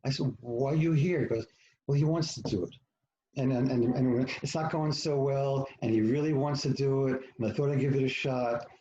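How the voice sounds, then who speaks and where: A man tells a personal story as a podcast guest, blunt and profane, slipping into the voices of the people in it. His voice sits at an ordinary middle pitch. The recording sounds roomy and a little muffled, like a home setup. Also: fairly even intonation, moderate pace, dark tone. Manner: frank, profane, self-mocking, acts out quoted lines. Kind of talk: candid storytelling in conversation.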